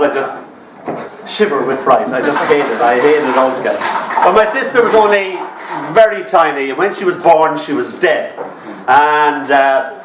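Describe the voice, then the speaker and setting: A man's voice: on the high side, noisy background. A man in his fifties with an Irish accent, telling comic stories and teasing his audience in a wry, chatty way. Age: 50s. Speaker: storyteller. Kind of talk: live comic storytelling. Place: bar. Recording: roomy sound from a distant mic.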